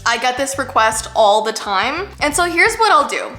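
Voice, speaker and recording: A woman's voice: high-pitched, sing-song, moderate pace, few pauses, pushed and bright, roomy sound, faint music behind. A woman in her thirties answering viewer questions in a candid, chatty vlog, saying "like" a lot. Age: 30s. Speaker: YouTuber. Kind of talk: casual Q&A vlog.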